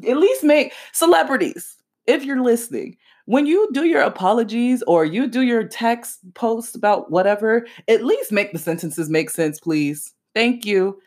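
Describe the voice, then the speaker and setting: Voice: mid-range voice, lively intonation, darkish tone. Sarcastic pop culture commentator reading a post aloud, cutting in with laughing asides. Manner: sarcastic, laughs often, breaks in with quick asides.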